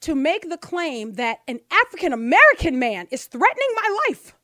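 A high-pitched woman hosts a talk show, delivering pointed opinion commentary. She drives her points home with rhetorical tag questions. Her voice sounds dry and close to the mic. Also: big pitch swings, normal speed, sharp tone, dry recording. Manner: emphatic, with many rhetorical "right?" tag questions.

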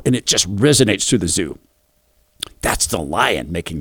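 A middle-aged man preaching a devotional talk, telling lively family anecdotes and acting out the voices. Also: mid-range voice, a little fast, no echo, clean studio sound. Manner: animated, acts out voices in anecdotes.

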